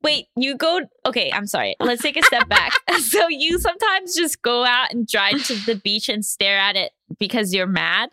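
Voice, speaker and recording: A woman with a bright, lively, swooping voice co-hosts a casual podcast, reacting quickly and laughing. Her tone is animated and the room is dry and close. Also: a little high, no echo. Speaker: podcast co-host. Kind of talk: casual chat.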